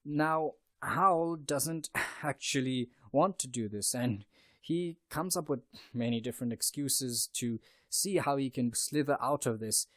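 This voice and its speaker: A man's voice: mid-range voice, unhurried, no room sound, clean studio sound. A man hosting a podcast, discussing a novel in an earnest, discursive way with frequent restarts. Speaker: podcast host. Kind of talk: book review discussion.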